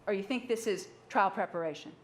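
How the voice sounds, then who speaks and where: A woman's voice: medium pitch, brisk, slight background noise. A woman prosecutor giving a courtroom closing argument, pressing the room with pointed rhetorical questions. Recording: echoey courtroom sound.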